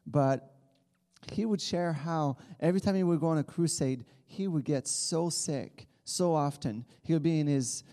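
A man's voice: on the high side, normal speed, mellow, in a large hall. A man in his thirties from Quebec with a Quebec French accent, a native French speaker giving an earnest church talk as a campus missionary. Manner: earnest, with many restarts.

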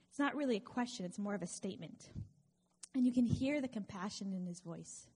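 A woman with a slightly high, breathy voice preaches a sermon. She keeps it conversational and earnest and drops in small wry asides. Her voice carries a long reverb, as in a large hall. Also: animated, a little fast, darkish tone.

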